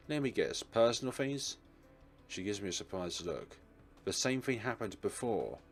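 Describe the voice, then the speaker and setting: A man's voice: medium pitch, very animated, moderate pace, soft background music. A man hosting a let's play, reading a visual novel's narration and lines aloud with expression.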